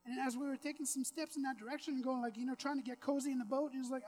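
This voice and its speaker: Speaking very fast on a low-quality recording, a woman with a fairly high voice delivers a sermon over faint, soft music. She's relaxed and talkative, tossing in asides and poking fun at herself, and her preaching swells into emphatic, repeated phrases.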